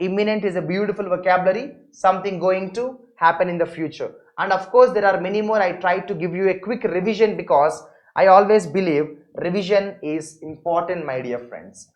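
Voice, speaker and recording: A woman with an Indian accent teaching an English vocabulary and grammar lesson, repeating each word and often checking "correct?". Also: on the low side. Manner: repetitive, often asks "correct?" and "my dear friends".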